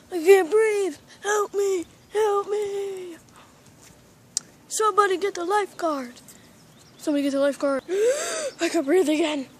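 For a toy role-play video, a woman voices an excitable female plush pet toy who panics easily. Her voice is high and exaggerated, full of dramatic shrieks and pleading.

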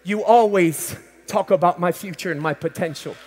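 A man playing the fisherman Peter, who pours out a raw, pleading prayer in a high, urgent voice. Every word rings out under the long reverb of a large sanctuary. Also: normal speed, sharp tone, full character voice. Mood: remorseful. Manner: heartfelt first-person prayer, intense and pleading. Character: the apostle Peter, adult fisherman, devoted and remorseful. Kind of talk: dramatized sermon monologue.

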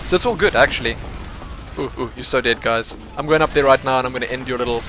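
A man casually commentating his own online shooter match, excitable and chatty, laughing often and calling out to teammates. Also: medium pitch, fast. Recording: noisy game audio under the voice.

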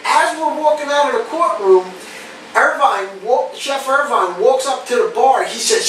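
Loud New guy, animated storyteller, a bit off the mic in a very echoey room. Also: very high-pitched, normal speed, distant mic. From New Jersey. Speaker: podcast guest. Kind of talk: casual storytelling chat. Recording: roomy echo, off-mic, faint noise.

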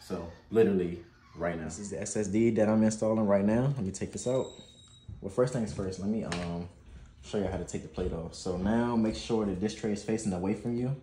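Man, very low voice, casual tutorial host, laid-back, light background hiss. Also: fairly quick, dark tone, reverberant. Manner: laid-back, chatty, swears and laughs while working. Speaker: gaming channel host.

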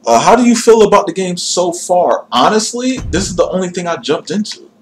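A man's voice: high voice, big pitch swings, a little fast, a little hiss or hum. A young man casually chatting to his viewers while building a character in a game, reassuring himself and joking at his own expense. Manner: chatty, talks to chat while tinkering, self-deprecating. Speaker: gaming livestreamer. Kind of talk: casual livestream commentary.

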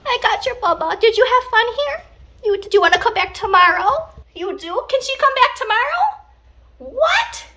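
A woman's voice: very high-pitched, lively intonation, moderate pace, sharp tone, full character voice. A woman playing a doting old cat lady who babies her cats, in pretend play for kids. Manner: gushing, babying pet talk. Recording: roomy, distant, noisy home recording.

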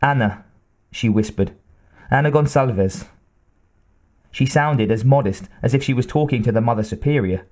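A man narrating an audiobook in a steady, even reading. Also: mid-range voice, a little fast, few pauses. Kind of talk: scripted narration.

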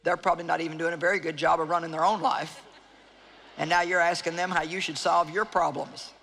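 A woman's voice: fairly low pitch, flat delivery, fairly quick, fairly bright tone, slight background noise. Earnest woman preaching in a reverberant hall. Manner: earnest, pleading, repeats phrases for emphasis. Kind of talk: evangelistic sermon. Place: large hall with live audience. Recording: long reverb of a large hall.

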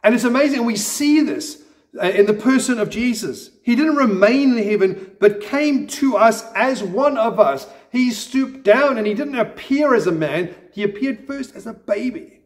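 Delivering a sermon in church, a pastor speaks in a strikingly high voice at a moderate pace. His preaching is earnest and expressive, mixed with mild jokes at his own expense.

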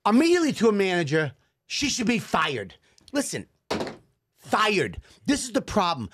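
A middle-aged man co-hosts a casual podcast in a slightly high voice. He tells animated stories, jumps into little impressions of people, and swears often. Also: normal speed, breathy edge, no room sound. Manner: animated storytelling, acts out voices, swears a lot. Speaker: podcast co-host. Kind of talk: casual comedic podcast chat.

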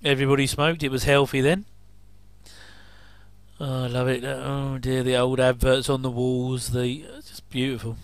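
A man's voice: medium pitch, level tone, normal speed, clear, resonant tone, no room sound. A man giving a casual, rambling commentary over an old TV episode, with frequent chuckling asides.

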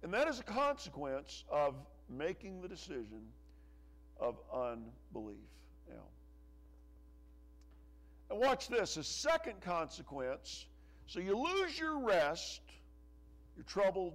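A male pastor preaching a sermon in church, pressing hard on some phrases and letting others drop low and soft. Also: creaky, breathy edge. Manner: preaching with rising emphasis and soft, dropping asides. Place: church sanctuary.

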